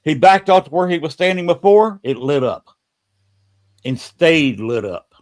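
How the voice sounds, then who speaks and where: A man hosting a podcast, telling a story in a casual, halting way and often repeating words. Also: a little high, lively intonation.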